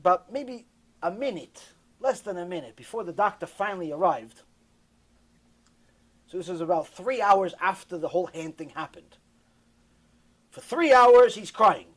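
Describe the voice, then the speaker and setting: This rabbi's high male voice moves at normal speed but pauses often as he shares a sermon story. He animates it with repetition, voicing the dialogue on his own.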